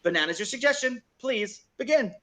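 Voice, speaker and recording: A man's voice: very high-pitched, lively intonation, brisk, bright, forceful tone. A man refereeing and hosting an improv match over a video call, upbeat and chatty. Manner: upbeat, chatty, laughs often. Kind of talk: game announcing.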